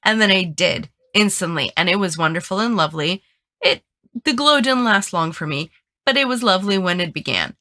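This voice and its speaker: A woman's voice: medium pitch, bright, forceful tone. A woman co-hosting a book podcast in casual chat, her voice stuffy and congested from allergies, with dry, wry asides. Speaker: podcast co-host.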